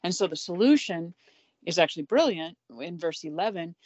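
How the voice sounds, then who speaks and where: A woman's voice: on the low side, lively intonation, moderate pace, a little mellow, dry recording, muffled recording. A woman in a casual Bible study discussion, explaining points with confidence.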